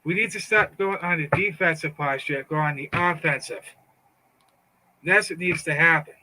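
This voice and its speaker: A man's voice: a little high, normal speed, bright, forceful tone, low-quality recording. A middle-aged man giving a fired-up, taunting political monologue, often stumbling and repeating words. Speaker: political commentator. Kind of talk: casual monologue.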